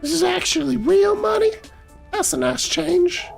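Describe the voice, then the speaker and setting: A man voicing a gruff male newspaper vendor in a strained, half-joking falsetto. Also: animated, measured pace, faint music behind, exaggerated voice.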